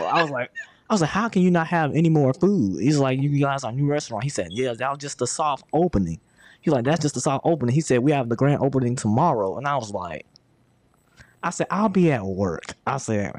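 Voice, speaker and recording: A man's voice: mid-range voice, expressive, a little fast, dry recording. A man hosting a podcast in casual chat, often stammering and repeating words. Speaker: podcast host.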